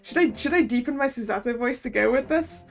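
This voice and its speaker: A woman's voice: on the high side, a little fast, creaky, soft background music. A woman streaming a video game, chatting casually and giggling between lines.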